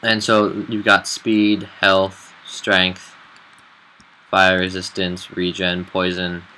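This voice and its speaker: A man who admins a game server, walking through a build in a casual tutorial, relaxed and halting with fillers. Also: deep voice, rough recording.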